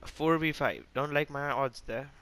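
This gaming-channel host keeps up live commentary while he plays, calling out to both teammates and opponents in an excitable, self-mocking way. His voice is a little high, smooth and unhurried.

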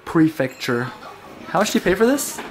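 A man's voice: sits high, very animated, normal speed. A man from Texas chatting playfully on a travel vlog, laughing and teasing friends. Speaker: vlogger. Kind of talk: casual travel vlog chat. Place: outdoors and indoors while traveling. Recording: loud background noise, handheld camera.

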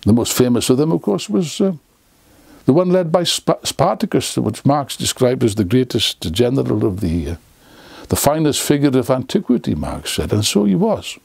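A man's voice: mid-range voice, very animated, normal speed, creaky, a little mellow, slightly rough, dry recording. An older man giving an impassioned, unscripted lecture to camera, full of sarcastic asides and restarts, close on the mic. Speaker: political speaker.

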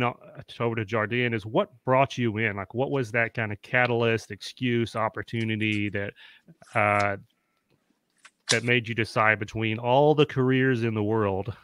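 A man's voice: medium pitch, fairly even intonation, moderate pace, fairly bright tone, slight background noise. A man hosting a live-streamed panel interview, chatty and upbeat, greeting viewers by name. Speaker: host.

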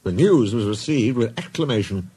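A man narrating a children's storybook in a dry, gently wry way. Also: mid-range voice, lively intonation, normal speed, over loud music.

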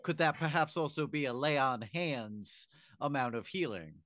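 A man's voice: medium pitch, animated, moderate pace, a bit bright. A man playing at a tabletop game, arguing a rule point in an arch, mock-formal way. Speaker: player. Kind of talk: casual game-table chat.

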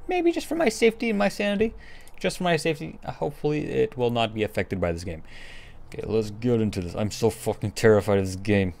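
A young man hosting his gaming channel, nervously commenting on a horror game, swearing and repeating himself in hushed murmurs and sudden yelps. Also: medium pitch, big pitch swings, quick pace, gravelly.

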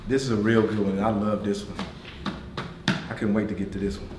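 A motivational speaker gives a speech to a business team in a corporate meeting room, telling animated stories and laughing as he goes. His voice is on the low side and brisk, and he addresses the audience directly and playfully. The recording is noisy and echoey, captured from far off.

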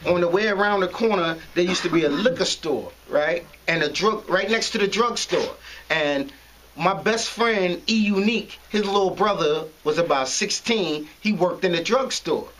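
A man from New to match, tells a story from the block in an easy interview. His voice sits high for a man, and he talks in animated, slangy bursts. He acts out every exchange and laughs along the way. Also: moderate pace, slight background noise, low-quality recording. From New York. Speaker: interview guest telling a story. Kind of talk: casual street storytelling.

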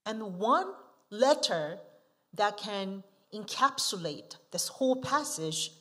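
Preaching to her congregation, this woman missionary speaks slowly in a mid-range, animated voice. Her delivery is emphatic, full of frequent rhetorical questions, and shifts from gentle asides to strongly stressed key words.

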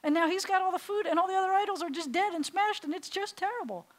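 A woman voicing an earnest, clever teenage boy who rushes out a dramatic, breathless tale. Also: extremely high pitch, pitched above the performer's own voice.

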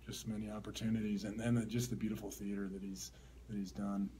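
A man's voice: on the low side, flat delivery, quick pace, dark tone, a little hiss or hum. A man hosting an interview in an easygoing, supportive way. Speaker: interview host. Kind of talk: conversational interview.

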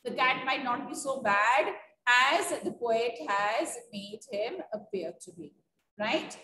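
Teaching English in an online lesson, this Indian English-accented woman speaks slowly in a slightly high, pushed and bright voice with lively intonation. She fills her explanations with fillers and checking questions, and the echoey room, distant mic and faint noise are audible.

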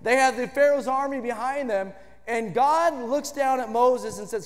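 A man preaching a sermon in a church, with an emphatic cadence that swells into shouts. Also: extremely high pitch, normal speed. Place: church sanctuary. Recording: long reverb of a church hall.

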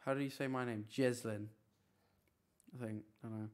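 A man's voice: mid-range voice, fairly even intonation. A man chatting casually on a live stream, reading out his chat and answering questions in an easygoing way. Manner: chatty, easygoing, quick to brush off teasing.

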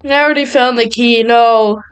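A young woman with a high, smooth voice narrates her horror game run in a jittery, nervous way. She talks straight to her viewers as she plays, sounding easily spooked. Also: steady tone, normal speed, low-quality recording. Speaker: gaming channel host. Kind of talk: horror game let's play commentary.

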